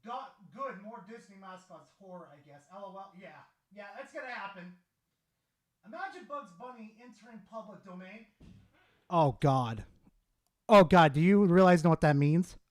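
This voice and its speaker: High, animated, foul-mouthed streamer man. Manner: profane, excitable, swings from muttering to yelling. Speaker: streamer reading live chat. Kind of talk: casual livestream chat.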